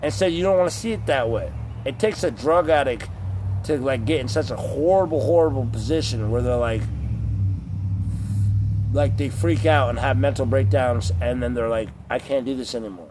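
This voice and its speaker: A man's voice: mid-range voice, moderate pace, background noise. Blunt, profane young man ranting. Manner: profane, blunt, rambling, mocking voices of others. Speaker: vlogger. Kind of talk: ranting monologue to camera.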